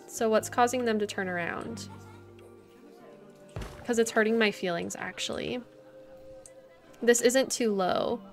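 A woman's voice: a little high, unhurried, long pauses, soft background music. A young woman livestreaming a zoo-building game, chatting casually, thinking aloud and greeting viewers in chat. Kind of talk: casual gameplay commentary.

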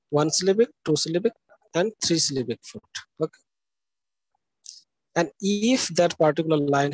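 On the high side, a little mellow with a breathy edge, the lecturer's voice is caught in a dry, low-quality recording. He teaches a live university class step by step, spelling words letter by letter and asking "okay?" often.

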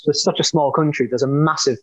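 A man's voice: fairly high pitch, fairly even intonation, brisk, dry recording. An English man co-hosting a podcast, talking in a rambling, hesitant way. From England. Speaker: co-host. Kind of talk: casual podcast chat.

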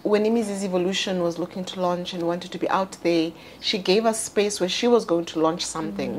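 A South African woman co-hosting a casual panel chat, candid and laughing often, her voice jumping higher when she quotes people. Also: steady tone, a little fast, a little hiss or hum. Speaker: co-host and founder.

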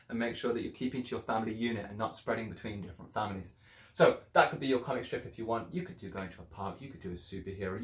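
With a medium-pitched voice in a roomy-sounding space, a male primary school teacher walks children through an English lesson step by step, staying chatty and encouraging.

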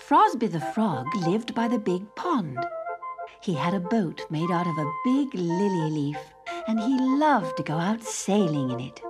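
A woman narrating a children's story in a gentle, expressive read-aloud manner. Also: lowish voice, a little slow, loud music behind the voice.

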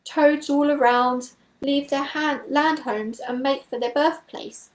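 Fretful old toad with a high, shaky voice, read by a woman, roomy sound. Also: fairly even intonation, takes it slowly, slight background noise. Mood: distraught.

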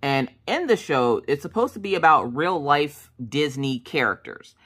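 Brief: low-pitched woman vlogger with an animated, swooping delivery and chatty asides. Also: normal speed, slightly rough. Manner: animated, acts out voices in quotes; chatty, with many fillers and asides. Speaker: craft vlogger. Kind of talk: casual storytelling chat.

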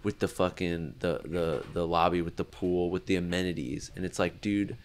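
Dude w a really low voice ranting casually on a podcast, swears a lot. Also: male voice, flat delivery, normal speed, slight background noise. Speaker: podcast co-host. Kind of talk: casual comedic chat.

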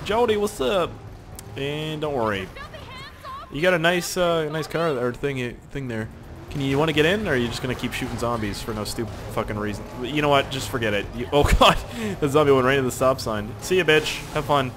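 A young man giving let's play commentary, excitable and profane, yelling at the game. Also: mid-range voice, a little fast, slight background noise. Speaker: gaming youtuber.

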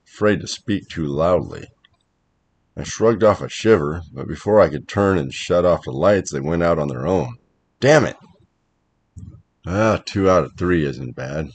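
A man narrating a first-person creepypasta story in a measured voice that grows tense at the scares. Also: low-pitched, a little mellow.

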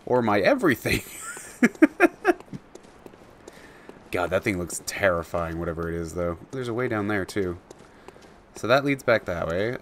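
Lively man narrating his gameplay. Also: on the low side, slight background noise. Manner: talks to the game's creatures, chuckles often. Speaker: let's play gamer. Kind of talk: casual gameplay commentary.

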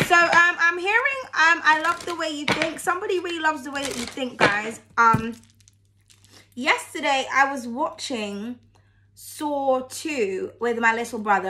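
A woman's voice: on the high side, pushed and bright, a little hiss or hum. A young woman doing a casual tarot reading, chatting in a rambling way and swearing freely. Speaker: tarot reader.

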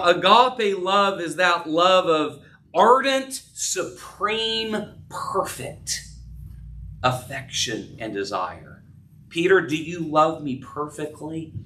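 A man preaching a sermon as pastor, earnest, acting out scripture dialogue in his voice. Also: bright, forceful tone. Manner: earnest, acts out dialogue with rising pitch. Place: church sanctuary. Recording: distant from the mic.

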